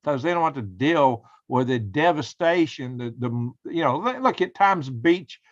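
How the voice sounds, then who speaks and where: A man's voice: on the high side, sing-song, normal speed. Folksy man, dull lo-fi sound. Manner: folksy, exclaiming, chats with viewers. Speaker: host. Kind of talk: casual live-stream commentary.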